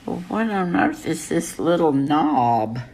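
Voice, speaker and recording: A man's voice: on the high side, lively intonation, slow pace, darkish tone, slight background noise. Guy gossiping into his phone at home, campy, takes his sweet time, cusses a lot. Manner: campy, chatty, swears freely. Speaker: vlogger in lockdown. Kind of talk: casual storytelling to camera. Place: at home during lockdown.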